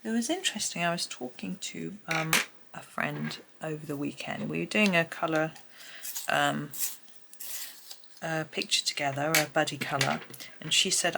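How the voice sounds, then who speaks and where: A woman's voice: deep voice, normal speed, gravelly, noisy background. A woman talking casually through a colouring tutorial as she works, thinking aloud and sometimes dropping to a murmur. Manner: chatty, thinks aloud, drops to a murmur now and then.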